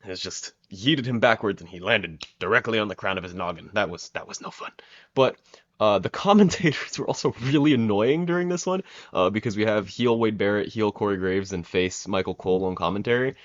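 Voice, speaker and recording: A man's voice: fairly low pitch, brisk, lo-fi sound. A young man giving a casual spoken review, rambling with many fillers and restarts. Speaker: wrestling reviewer.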